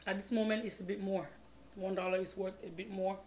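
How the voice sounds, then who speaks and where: A Cameroonian woman hosts a laid-back mukbang storytime vlog, chatting away, repeating her pleas, and mumbling between bites. Her medium-pitched voice is flat, fairly quick, and darkish in tone, with slight background noise.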